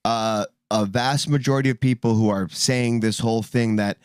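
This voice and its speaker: A man co-hosting a casual podcast chat, often pausing to search for words. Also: mid-range voice, steady tone, clean tone, dry recording, clean studio sound. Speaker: podcast co-host.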